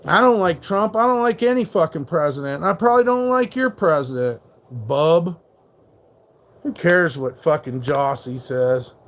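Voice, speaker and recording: A man's voice: fairly high pitch, expressive, unhurried, a bit bright. A man hosting a live stream, ranting in a rambling, profane and mocking way while reacting to chat. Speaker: livestream host.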